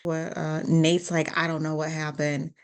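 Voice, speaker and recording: Woman podcast host, kinda low voice, chatty movie recap, lots of "like". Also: a little slow, clean tone. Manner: animated retelling, lots of "like" and acted-out quotes. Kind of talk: casual movie recap chat.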